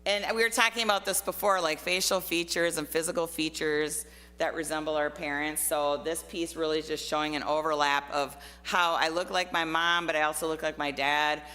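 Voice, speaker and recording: A woman's voice: sits low, fairly even intonation, normal speed, sharp tone, clear, resonant tone, soft background music. A middle-aged woman from Minnesota speaking as a guest artist, telling personal stories in a chatty way with many fillers. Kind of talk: casual personal talk. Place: church hall. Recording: long hall reverb.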